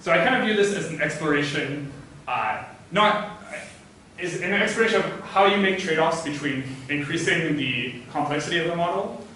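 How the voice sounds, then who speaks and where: A man's voice: a little high, bright, forceful tone, slight background noise. A man giving an academic physics talk, hesitant and full of "uh" fillers as he thinks aloud. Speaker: physics lecturer. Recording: echoey hall, voice from far off.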